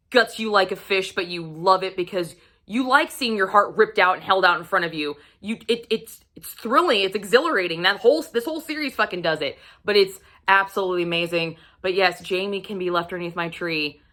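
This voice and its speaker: A woman vlogger recommending romance books to camera, gushing and swearing freely, sometimes dropping into a breathy whisper. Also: lowish voice, pushed and bright. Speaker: book reviewer. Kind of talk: casual book recommendation vlog.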